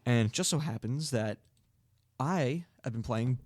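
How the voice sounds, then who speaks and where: A man rambles through a casual game chat on an internet radio show, full of ums and quick laughs. His voice sits at an ordinary middle pitch and is recorded close and dry, with no room sound. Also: a little mellow, no echo. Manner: rambling, laughs often, many fillers. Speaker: co-host. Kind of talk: casual podcast chat about games.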